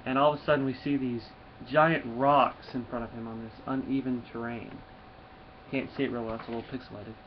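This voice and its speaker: A man's voice: mid-range voice, steady tone, a little fast. Rambling man reviewing comics. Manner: rambling, full of fillers. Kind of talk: casual video review. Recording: dull lo-fi with faint hiss.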